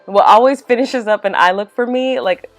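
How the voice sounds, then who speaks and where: A young woman chatting casually as a makeup vlogger, animated and full of "y'all" and "like.". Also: on the high side, moderate pace. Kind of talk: casual voice-over chat. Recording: faint music underneath.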